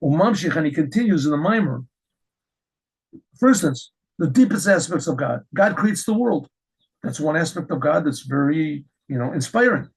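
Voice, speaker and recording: A middle-aged man teaching a Torah lesson as a rabbi, telling stories with lively restarts and repeated words. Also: a little high, moderate pace, breathy edge, rough recording. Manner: animated storytelling with frequent restarts.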